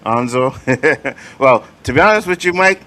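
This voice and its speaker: A man's voice: a little high, animated, normal speed, a crowd in the background. A man hosting a casual livestream talk show, telling stories in a profane, emphatic way. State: coughing. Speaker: show host.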